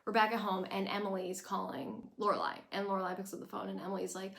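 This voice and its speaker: A woman's voice: mid-range voice, flat delivery, quick pace, gravelly, few pauses, a bit bright. A woman giving a casual, chatty episode recap with a sarcastic edge, full of "like". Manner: chatty, sarcastic, says like a lot. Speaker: recap vlogger.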